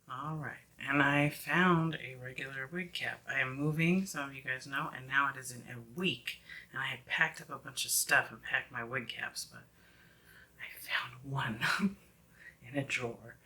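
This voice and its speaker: Slow, chatty woman with a slight Southern lilt. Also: a bass voice, gravelly, slight background noise. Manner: chatty, drifting into soft whispered asides. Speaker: wig reviewer. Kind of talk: casual product review vlog.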